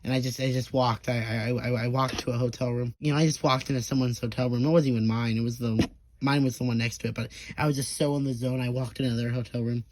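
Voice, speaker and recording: A man's voice: mid-range voice, level tone, quick pace, darkish tone. A young man telling a rambling, profane story in a casual storytime monologue, full of stammers and restarts, briefly acting out the people he quotes. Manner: acts out quoted people in short bursts.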